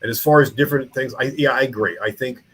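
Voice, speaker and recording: Rambling, animated middle-aged man. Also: mid-range voice, quick pace, breathy edge, poor audio. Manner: rambling, animated, frequent restarts and fillers. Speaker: guest, small-town mayor and museum founder. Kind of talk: casual interview storytelling.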